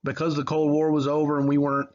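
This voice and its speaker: A man's voice: a little high, completely flat delivery, fast, a little mellow, highs cut off. Rambling, chatty man teaching history. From Mississippi. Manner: conversational, rambling, many fillers and restarts. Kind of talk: casual recorded lecture.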